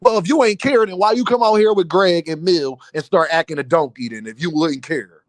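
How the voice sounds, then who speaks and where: A man with a high-pitched voice rants at his live chat, heated and insistent, full of street slang. His voice is dry and close, with no room sound at all. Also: fairly quick, no room sound. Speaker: boxing commentary streamer. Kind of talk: live stream rant.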